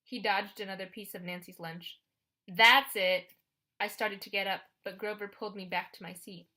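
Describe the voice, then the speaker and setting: A woman's voice: medium pitch, level tone, brisk, bright, forceful tone. A woman narrating an audiobook in the first person, in a wry, conversational storytelling manner.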